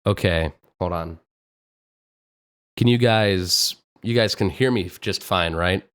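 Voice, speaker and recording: A man's voice: deep voice, takes it slowly, a bit bright, clear, resonant tone. A man chatting casually on a live stream about voice acting, rambling, joking at his own expense and breaking into laughter. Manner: rambling and self-mocking, bursts of laughter. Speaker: streamer and voice actor. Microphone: streaming microphone.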